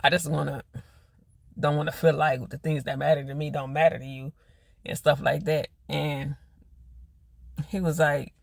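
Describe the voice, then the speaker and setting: A man's voice: a little high, level tone, normal speed, vocal fry, long pauses, no echo. A man giving a casual recap of a TV episode. He retells the scenes in quoted dialogue and reacts to the characters with laughs. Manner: loose, chatty, full of fillers like "you know" and "or whatever". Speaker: TV episode reviewer.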